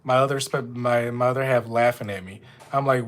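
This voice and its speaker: A man with a Louisiana accent, a notary, runs a live stream from home with dogs nearby, chatting casually and speaking straight to viewers. His voice is medium-pitched with fairly even intonation, a little fast, and fairly bright in tone.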